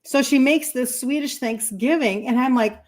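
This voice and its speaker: Chatty fairly high-voiced woman in her fifties. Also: normal speed. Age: 50s. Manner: chatty storytelling, breaks off to thank viewers for comments. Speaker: health coach hosting a livestream. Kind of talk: casual livestream chat.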